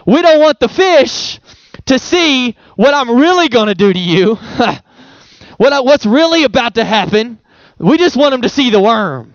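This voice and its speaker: A man's voice: very high voice, lively intonation, normal speed, no echo, dull audio. A male pastor giving a sermon in a conversational, playful way, with homely examples.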